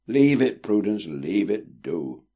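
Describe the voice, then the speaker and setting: A man's voice: lowish voice, sing-song, takes it slowly, warm tone, heavily acted. A man voicing a sleepy, irritable young boy in a storybook reading. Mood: reluctant. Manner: drowsy, irritable.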